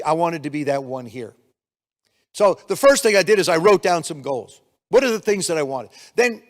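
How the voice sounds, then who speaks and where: A man in his seventies from the United States delivers a motivational keynote, spinning stories and acting out the dialogue in them. His voice sits fairly high for a man. The sound rings with the long reverb of a large hall. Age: 70s. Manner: storytelling, animated, acts out dialogue. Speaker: keynote speaker.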